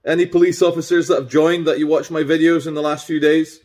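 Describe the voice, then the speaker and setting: A man's voice: fairly high pitch, flat delivery, fast, hardly any pauses, darkish tone. A man delivering a rambling, sarcastic and irreverent casual monologue as a vlogger.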